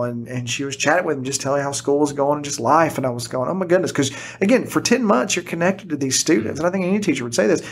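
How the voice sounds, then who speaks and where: A man's voice: a little high, fast talker, gravelly, hardly any pauses, husky. A middle-aged man, a teacher and podcast guest, telling stories in casual chat and acting out what people said. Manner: animated storyteller, acts out quotes.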